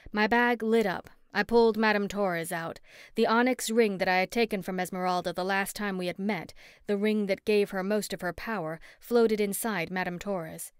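A woman narrating a first-person story in an expressive, steady audiobook read on a close mic. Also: mid-range voice, clear, resonant tone, dry recording.

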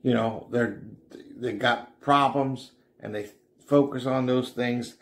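A middle-aged man gives a sermon in a relaxed, conversational way. He talks plainly, with the ease of everyday speech. His voice sits at an ordinary pitch for a man. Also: slow. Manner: plain-spoken, conversational, with frequent "you know" and small laughs. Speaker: radio preacher.

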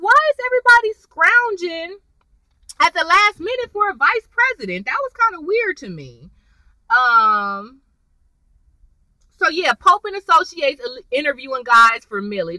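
A woman in a casual vlog recapping a TV episode, chatty and animated, acting out the characters' lines in quoted voices. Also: a little high, no echo, low-quality recording.

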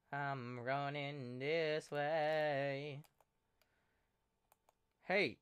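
A man giving live commentary over his video game, excitable and joking, swearing and yelping as things happen. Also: mid-range voice, clean tone. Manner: joking, self-mocking asides. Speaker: gameplay commentator.

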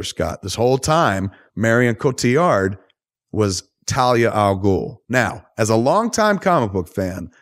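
A man hosting a podcast, recapping a film in a loose, profane, animated storytelling way. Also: on the low side. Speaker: podcast host. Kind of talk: casual movie recap chat.

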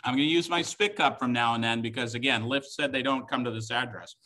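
A man's voice: medium pitch, fairly even intonation, fast talker, sharp tone. A middle-aged man hosting a live-streamed wine tasting class, chatty and joking as he walks viewers through each wine. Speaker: wine tasting host and instructor.

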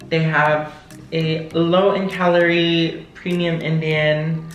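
A hyper vlogger unboxing a gift package, gasping and giggling between excited exclamations. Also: male voice, on the high side, slow, dull audio. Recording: roomy, distant from the mic, with music.

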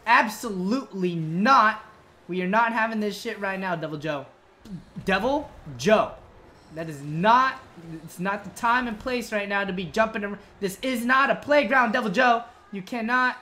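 A woman commenting on her own gameplay, scolding the monster like an unruly child, swearing and yelling when things go wrong. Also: fairly high pitch, normal speed. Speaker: gamer.

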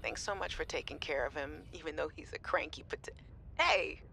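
A woman's voice: sits low, fairly quick, vocal fry, bright, forceful tone, a little hiss or hum, exaggerated voice. Anxious young woman scientist. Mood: fond. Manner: hesitant, often dropping to a near whisper. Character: anxious young woman scientist sending voice messages to her sister. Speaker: game character. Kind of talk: recorded voice messages in a video game.

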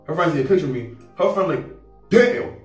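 Animated young man telling a story. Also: fairly high pitch, racing. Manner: animated, slangy, acts out both sides of the story. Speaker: vlogger. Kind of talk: casual storytime. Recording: echoey room heard from a distance, faint music.

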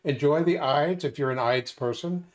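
A man's voice: on the high side, normal speed. An older man co-hosting a casual chat, steering the talk with many hesitations. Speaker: co-host.

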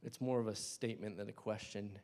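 Casual young guy preaching in church, fired up, goes loud then drops quiet. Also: lowish voice, steady tone, brisk. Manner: impassioned, swings between loud bursts and hushed asides. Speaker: lay preacher. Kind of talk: sermon.

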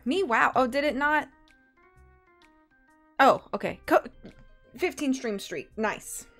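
A young woman chatting casually on a live stream while playing a game, bubbly and excitable. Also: high-pitched, slow pace. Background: faint game music.

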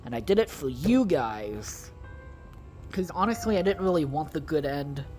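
A man's voice: on the high side, lively intonation, normal speed, a little mellow, soft background music. A man doing casual let's-play commentary, profane, exasperated and rambling as he talks to his viewers. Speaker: gaming video creator.

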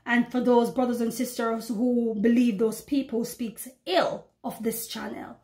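High-voiced woman preaching fervently. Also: steady tone, warm tone. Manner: fervent, emphatic, slows to read scripture aloud. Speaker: prophetic YouTube preacher. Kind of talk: preaching to camera.

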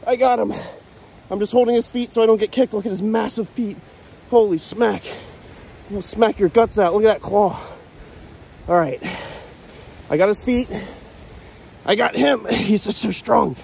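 A man vlogging outdoors in an open field, out of breath and excited, talking to the camera in a casual, repetitive way while he chases after something. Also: high voice, measured pace, vocal fry, long pauses, slight background noise. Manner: excited, breathless, repeating himself while chasing an animal. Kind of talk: handheld outdoor vlog.

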